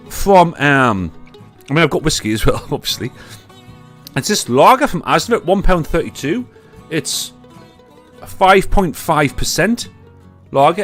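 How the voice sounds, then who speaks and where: A man's voice: on the high side, a bit bright. Sweary Northern English man, casual host. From Northern England. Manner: chatty and sweary, with loose banter. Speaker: podcast host. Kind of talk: casual live-stream chat.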